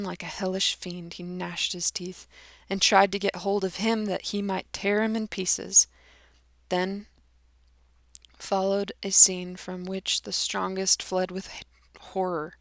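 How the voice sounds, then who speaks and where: A woman reading aloud a religious testimony in a grave, measured and dramatic manner. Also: mid-range voice, gravelly, dry recording, studio quality. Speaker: audiobook reader.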